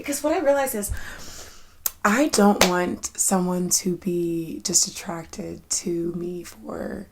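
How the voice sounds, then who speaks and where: This vlogger speaks slowly in a lowish, darkish voice with vocal fry, and there's a little hiss or hum in the audio. Talking to herself in a casual solo vlog, the young woman is candid and rambling, swearing often, saying "like" constantly, laughing abruptly, and going almost to a whisper when reflective.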